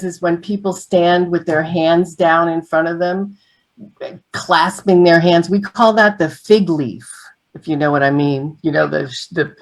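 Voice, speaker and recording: A middle-aged woman leads an online training on sales presentations. Her voice sits fairly low, and she teaches in an animated way, full of examples. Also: poor audio.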